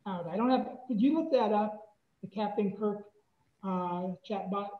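A presenter giving a relaxed, chatty tech demo at a club meetup. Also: mid-range voice, a little slow. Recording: echoey, dull room mic.

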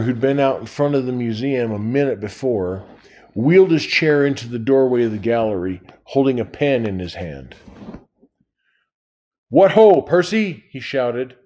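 A man's voice: mid-range voice, animated, moderate pace, dark tone. A man reading a novel aloud, telling it in the first person. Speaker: reader.

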